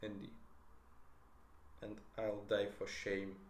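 A man's voice: on the low side, completely flat delivery. A man reading the lines of a shy, emotional young woman, in an echoey room. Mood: tearful. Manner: reads her lines close to his own voice, halting slips. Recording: echoey room, faint noise.

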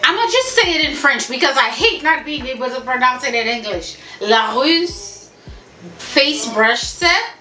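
A woman's voice: high voice, expressive, moderate pace, bright, forceful tone, roomy sound, faint music behind. A woman from Haiti doing a casual beauty unboxing at home, chatty and gushing, calling her viewers y'all. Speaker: beauty vlogger. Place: home room with family noise around.

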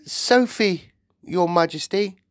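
A man voicing a polite, earnest little girl in a storybook reading, with a much higher voice than his own. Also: slow, dry recording, clean studio sound. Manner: stammering at first, then calm and eager.

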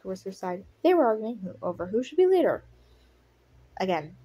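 Woman reading aloud with commentary, husky, animated, laughs at the text. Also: mid-range voice, fairly quick, muffled recording. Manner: breaks off to laugh and react to the story. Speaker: audiobook reader of a fan story.

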